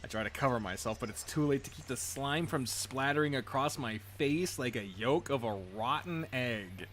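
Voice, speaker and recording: A man's voice: medium pitch, normal speed, fairly bright tone, slight background noise, lightly acted. A man reading a tense, anxious young hero. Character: anxious young male protagonist narrating his plight. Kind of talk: reading a visual novel aloud.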